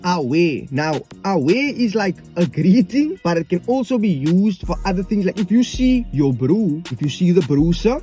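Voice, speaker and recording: A man's voice: sits high, lively intonation, a little slow, hardly any pauses, warm tone, faint music behind. A young man from Cape Town with a Cape Town South African accent, rambling casually and acting out street dialogue. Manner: rambling, acts out street dialogue, many "like" fillers. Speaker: vlogger. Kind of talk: casual explainer.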